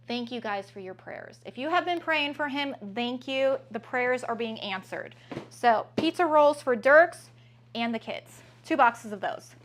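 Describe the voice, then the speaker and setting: A woman's voice: on the high side, fairly bright tone. A woman, a mother and family vlogger, chatting casually and upbeat through a grocery haul at home, with plenty of "um"s. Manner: chatty, upbeat, many fillers.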